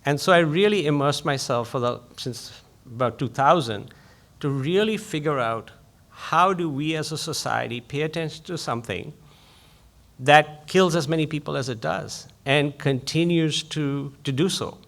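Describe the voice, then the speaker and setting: A man, a physician giving an invited public lecture, who speaks quickly and eagerly in a conversational way. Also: fairly high pitch, vocal fry, fairly bright tone.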